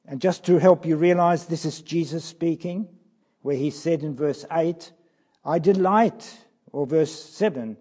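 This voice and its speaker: A man preaching a sermon, reading scripture aloud, building to emphatic passages and dropping to hushed tones. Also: on the high side, a little slow. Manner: drops to soft, hushed tones on key phrases.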